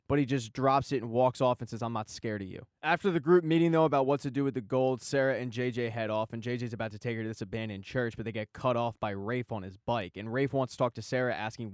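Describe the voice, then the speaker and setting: A man's voice: mid-range voice, dry recording, clean studio sound. A man narrating a television recap in a casual, jokey, irreverent way. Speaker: TV recap host.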